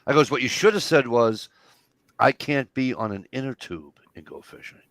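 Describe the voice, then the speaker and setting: A man's voice: medium pitch, animated, normal speed, fairly bright tone, no room sound. A man telling a story in casual chat, profane and acting out both sides of an argument. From Massachusetts. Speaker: guest in group chat.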